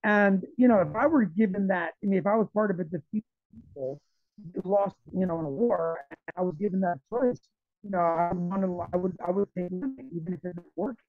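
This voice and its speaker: Brief: high-pitched male interview guest, rambling storyteller, dry phone-quality audio. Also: a little fast, no room sound, faint music behind. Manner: rambling, animated storytelling with frequent restarts. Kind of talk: conversational interview. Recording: tinny, phone-like dry sound.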